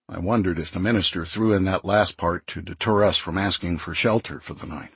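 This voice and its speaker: A man narrating a first-person audiobook in a measured, even storytelling manner. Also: sits low, breathy edge, no echo.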